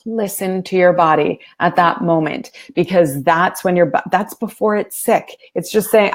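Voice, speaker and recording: A woman guest explaining in a calm, measured way during a casual interview chat. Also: lowish voice. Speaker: guest, nonprofit director.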